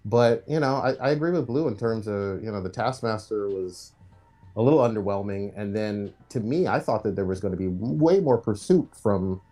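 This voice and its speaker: A man's voice: fairly low pitch, lively intonation, normal speed, warm tone, faint music behind. A man co-hosting a livestream podcast, giving blunt, profane criticism in casual chat. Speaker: podcast co-host.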